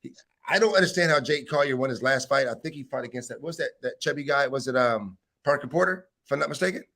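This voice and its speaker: A young adult man co-hosting a casual fight-talk podcast, bantering quickly with some swearing. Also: mid-range voice, sharp tone. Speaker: podcast co-host. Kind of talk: casual sports chat.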